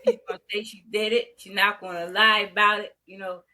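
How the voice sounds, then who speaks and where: A woman's voice: mid-range voice, flat delivery, a little fast, background noise. An older woman, a veteran educator, talking frankly and bluntly as an interview guest, laughing easily. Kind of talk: candid interview talk.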